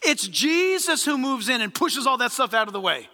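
A man preaching a sermon in a church, lively and full of rhetorical questions put to the congregation. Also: very high voice, normal speed, big-room sound. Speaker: pastor. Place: church sanctuary.

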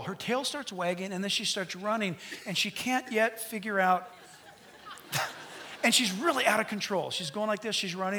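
A middle-aged man preaching a sermon as pastor, animated, swinging from loud peaks to hushed asides. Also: sits high.

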